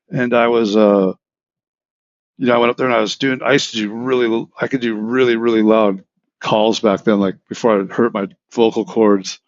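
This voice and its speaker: A man's voice: lowish voice, dry recording, highs cut off. A middle-aged man telling a long story in a casual, rambling way, full of restarts and vivid detail. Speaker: interview guest.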